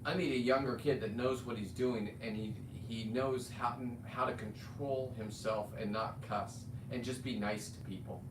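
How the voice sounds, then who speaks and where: A man's voice: medium pitch, fairly even intonation, moderate pace, few pauses. A middle-aged man hosting a livestream, ranting bluntly with plenty of restarts and the odd swear. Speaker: livestream host. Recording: roomy sound, distant mic, faint ambient noise.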